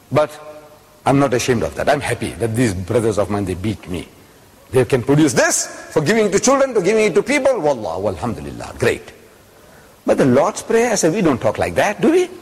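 A man's voice: mid-range voice, long reverb tail. An older man giving a religious lecture to a live audience, telling a story and often putting questions to his listeners.

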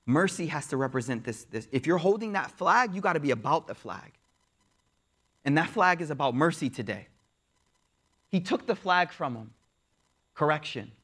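Lively storytelling male preacher. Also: fairly high pitch, breathy edge. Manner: lively, acts out the quoted figures, uses casual slang. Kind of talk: storytelling sermon.

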